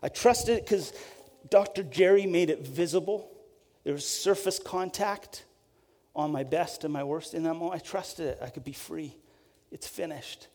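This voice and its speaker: A man preaches a personal story with candid, self-deprecating honesty, slipping into quick acted asides. His voice is somewhat high yet mellow. It rings out with a long reverb, as in a big hall. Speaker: pastor. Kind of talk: sermon storytelling.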